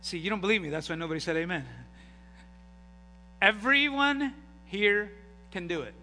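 A middle-aged male pastor preaching a sermon, passionate and building to loud, emphatic peaks. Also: high-pitched, moderate pace, long reverb tail, a little hiss or hum. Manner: impassioned, rising to shouts. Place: church sanctuary.

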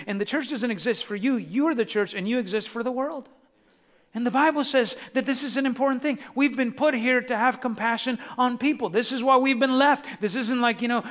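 A pastor preaches in a high, light voice that rings through a reverberant hall. He calls straight out to the congregation and swings between loud urging and quiet, hushed lines. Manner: preachy, addresses crowd directly, dramatic swings from loud to hushed. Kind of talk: sermon.

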